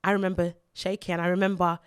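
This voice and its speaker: Woman podcast co-host, heartfelt and halting, dry close sound. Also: on the low side, level tone, clear, resonant tone, no echo. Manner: earnest, halting, repeats words when emotional. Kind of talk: candid personal storytelling.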